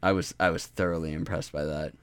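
A man co-hosting a casual gaming podcast, excitable and quick to laugh and swear. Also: rumbling low, clear, resonant tone, no room sound. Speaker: podcast co-host. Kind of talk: casual chat.

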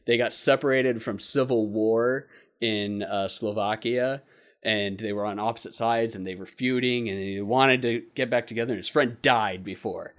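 A man talking casually about a show, animated, swearing freely and laughing often. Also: lowish voice, normal speed. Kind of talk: casual chat.

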